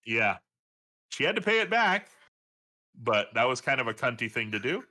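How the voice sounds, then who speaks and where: Man, 40s, bright tone, profane rambling chatter. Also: medium pitch, big pitch swings, normal speed. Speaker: streamer talking with a friend. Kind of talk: casual chat.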